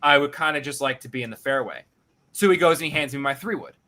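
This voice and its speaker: A male podcast host telling a casual, animated story, swearing freely and acting out his own reactions. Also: fairly high pitch, fast talker.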